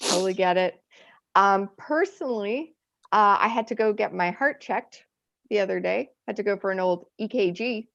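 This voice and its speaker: A woman's voice: medium pitch, moderate pace, gravelly, fairly bright tone. A woman in her forties doing a chatty, self-mocking stand-up set, laughing at her own jokes. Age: 40s. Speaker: stand-up comedian. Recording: lo-fi stream audio.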